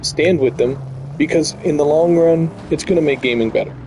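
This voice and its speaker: A man's voice: on the high side, normal speed, dark tone, slight background noise, rough recording. A man hosting a gaming channel, delivering blunt, profane, heated commentary over gameplay.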